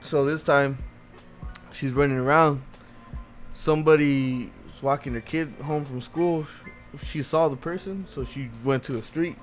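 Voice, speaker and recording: A man's voice: on the high side, steady tone, a little slow, faint music behind. A young man co-hosting a podcast, telling stories in loose, profane casual chat. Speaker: podcast co-host.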